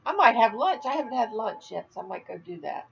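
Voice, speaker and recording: A woman's voice: fairly high pitch, big pitch swings, brisk, gravelly, fairly bright tone, slightly rough, dull audio. An older woman from Florida chatting casually on a home video vlog, rambling and laughing at her own jokes. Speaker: vlogger. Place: at home, indoors.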